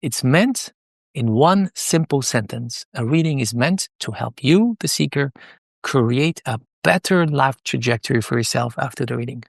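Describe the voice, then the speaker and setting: Gravelly middle-aged man telling stories. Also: medium pitch, moderate pace, no room sound, clean studio sound. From Iran. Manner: animated, hesitant with many fillers and restarts. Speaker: podcast guest, palm leaf reading moderator. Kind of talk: conversational interview storytelling.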